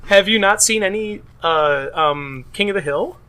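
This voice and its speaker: A man's voice: sits high, measured pace, pushed and bright, rough recording. A man co-hosting a podcast, chatting casually and easygoing, with frequent fillers. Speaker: podcast co-host. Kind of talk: casual chat.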